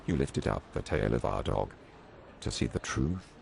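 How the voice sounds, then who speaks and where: A man voicing an angry, bullying male policeman who barks insults and threats in a gruff, low voice. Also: big pitch swings, measured pace, background noise, heavily acted.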